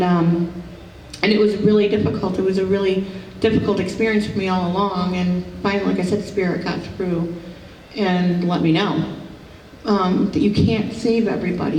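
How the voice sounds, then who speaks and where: A middle-aged psychic medium from rural upstate New York gives a chatty, rambling expo talk full of fillers and restarts. Her voice is fairly low and darkish, with slight background noise. She's recorded from a distance in a roomy hall.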